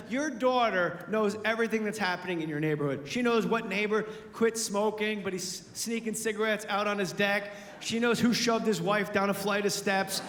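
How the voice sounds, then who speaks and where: A man doing a stand-up comedy set, telling animated stories and acting out both sides, swinging from muttering to shouting. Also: high voice. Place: comedy club stage. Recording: live club recording, roomy hall reverb with audience laughter and noise.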